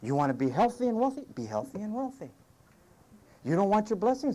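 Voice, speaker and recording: Male pastor, sermon, emphatic and wry, swoopy lively delivery. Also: high voice, a little fast, noisy background. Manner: emphatic, punchy short commands; wry humor, mimics whiny complainers.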